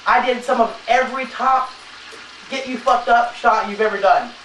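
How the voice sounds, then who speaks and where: A woman's voice: a little high, recorded from a distance. Rambling woman cooking in an echoey kitchen. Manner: loose and chatty, many filler pauses, gets animated in the anecdote. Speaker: cooking show host. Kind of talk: casual rambling storytelling while cooking. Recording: roomy sound, voice off-mic, faint noise.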